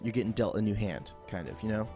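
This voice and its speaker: A man with a lowish voice walks through a video game tutorial in an easygoing, off-the-cuff voice-over. He rambles a bit and leans on fillers. Soft music plays faintly underneath. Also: fast. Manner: casual and rambling, with many fillers. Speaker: gameplay tutorial host.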